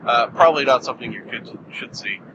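A man talks through a movie review in a loose, rambling monologue. His voice sits mid-range, and he jokes and fills gaps with frequent "uh"s. A clear, steady vehicle rumble runs behind him. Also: fast, highs cut off. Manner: rambling, jokey, many fillers. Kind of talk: casual film review monologue.

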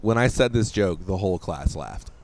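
Casting: low-voiced male podcast co-host, rambling storyteller, faint hiss behind. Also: lively intonation, moderate pace, darkish tone. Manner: rambling storyteller, laughs often. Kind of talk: casual chat.

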